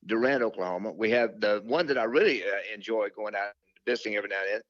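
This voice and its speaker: A man's voice: on the low side, quick pace, no room sound. An older man telling stories as an interview guest, rambling with fillers and restarts and quoting his own thoughts. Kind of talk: casual storytelling interview. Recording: dull lo-fi dry sound.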